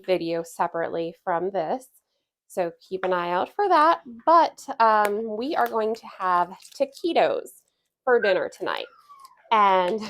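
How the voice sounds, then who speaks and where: A woman in her thirties chatting casually through a home cooking vlog in her kitchen, relaxed, with small laughs and fillers. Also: medium pitch. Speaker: homestead cooking vlogger.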